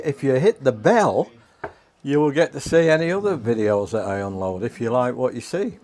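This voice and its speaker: Chatty man eating while he talks. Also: mid-range voice. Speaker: home cooking vlogger. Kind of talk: casual taste-test chat.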